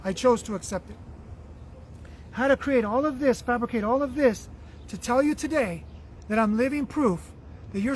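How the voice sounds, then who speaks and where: A man with a very high voice hosts a spiritual livestream, earnest and affectionate, circling back on his phrases. His voice is wearing thin as he talks, with a faint noise underneath. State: losing his voice. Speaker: livestream host reading viewer comments. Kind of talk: spiritual motivational livestream talk.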